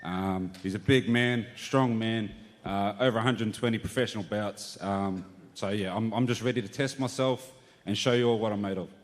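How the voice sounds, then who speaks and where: A man from New Zealand, a heavyweight fighter speaking humbly and excitedly. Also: on the low side, normal speed, big-room sound, slight background noise.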